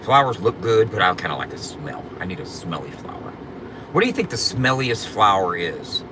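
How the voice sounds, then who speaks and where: A man's voice: lowish voice, big pitch swings, normal speed, background noise. A man hosting a casual livestream, joking and bragging to his chat in a loose, profane drawl, often repeating "you know what I'm saying". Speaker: livestream host.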